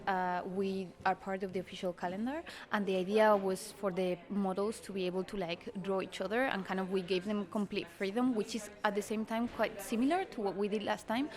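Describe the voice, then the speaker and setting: A female fashion designer explaining her collection thoughtfully in an interview, with many fillers. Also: mid-range voice. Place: busy showroom at a cultural institute. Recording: showroom with clear crowd chatter.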